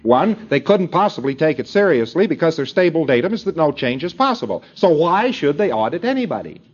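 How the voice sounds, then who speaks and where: A man's voice: on the high side, big pitch swings, fairly quick, breathy edge. Rambling male lecturer on dull old tape. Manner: rambling, filler-heavy, acts out dialogue. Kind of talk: lecture to students.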